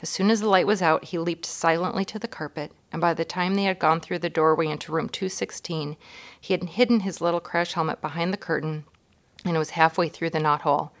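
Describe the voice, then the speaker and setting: A woman guest reader narrating a children's storybook chapter in a calm, measured, expressive way. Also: sits low.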